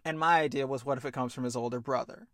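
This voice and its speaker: A man co-hosting a podcast, pitching a film idea in an animated, casual chat and swearing freely. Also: quick pace, dry recording, studio quality. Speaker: podcast co-host.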